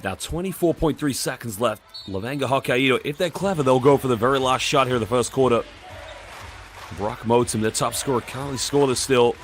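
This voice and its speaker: A man commentating a live basketball game in a brisk play-by-play manner. His voice sits in an everyday middle pitch. He calls each possession as it happens and reads viewer comments aloud in between. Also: a little hiss or hum.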